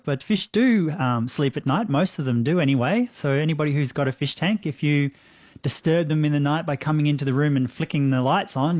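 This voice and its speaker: A man's voice: medium pitch, a little mellow, no room sound, studio quality. A man, a scientist answering a radio interviewer with enthusiastic explanations and frequent restarts. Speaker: marine biologist guest.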